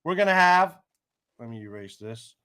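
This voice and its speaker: A man's voice: mid-range voice, sing-song, bright, forceful tone, clear, resonant tone. A man teaching an Arabic reading lesson one-on-one in a patient, encouraging way. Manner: patient, encouraging, slow and careful.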